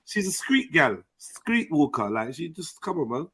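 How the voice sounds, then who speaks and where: Bright slangy man reacting. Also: fairly high pitch, sing-song, moderate pace, husky. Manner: slangy, repetitive fillers. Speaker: panel host. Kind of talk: casual reaction chat.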